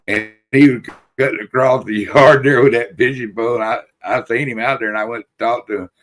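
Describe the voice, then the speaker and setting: A man hosts a casual podcast chat, spinning long, rambling stories packed with swearing and laughter. His medium-pitched voice is fairly bright and fairly even in intonation, moving a little fast. He rambles, curses freely, and laughs through his tales.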